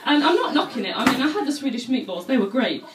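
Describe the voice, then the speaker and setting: Lively high-voiced woman doing stand-up. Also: fast. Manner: chatty, animated storytelling with acted-out voices. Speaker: stand-up comedian. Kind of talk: stand-up routine. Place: comedy club stage with audience laughter. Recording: roomy venue audio from a distance with faint noise.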